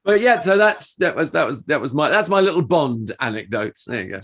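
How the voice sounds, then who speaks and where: A man's voice: fairly high pitch, fairly quick, background noise. A middle-aged man, a podcast co-host, telling anecdotes in casual chat with many restarts. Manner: animated storytelling with restarts. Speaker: podcast co-host and touring performer.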